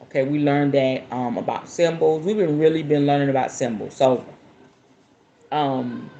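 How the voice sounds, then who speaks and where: A woman's voice: very deep voice, normal speed, highs cut off, a little hiss or hum. A woman hosting a spiritual podcast who chats casually with her listeners, laughs often and reads aloud from a book. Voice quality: expressive, laughs often, talks straight to viewers.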